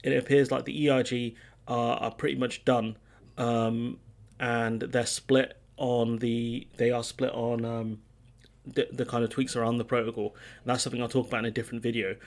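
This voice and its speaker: A man talks through the political news of the day on his own channel, reading out quotes and adding dry, sarcastic remarks. His pitch sits in an ordinary middle range and barely moves, which gives a level, matter-of-fact delivery broken up by frequent ums. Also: little pitch movement, normal speed. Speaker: political commentary channel host. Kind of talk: casual solo political commentary.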